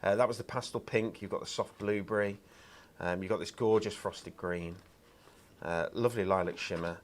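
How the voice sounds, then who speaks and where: A man's voice: fairly low pitch, fairly even intonation, normal speed, a little hiss or hum. A man presenting craft products on a live shopping show, chatty and enthusiastic, with lots of ums and uhs.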